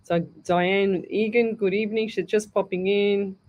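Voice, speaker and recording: A woman's voice: mid-range voice, fairly even intonation, unhurried, darkish tone, muffled recording. A middle-aged Australian woman hosting a live call-in radio show as a psychic medium, chatty and greeting listeners by name as she thinks aloud.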